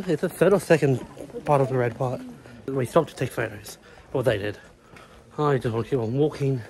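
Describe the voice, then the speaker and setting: A man's voice: mid-range voice, slight background noise. A man in his twenties filming a casual vlog outdoors on a handheld phone, out of breath and sweating as he climbs, rambling and swearing often. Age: 20s. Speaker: vlogger. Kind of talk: casual vlog chat to camera. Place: outdoors, climbing long shrine stairways.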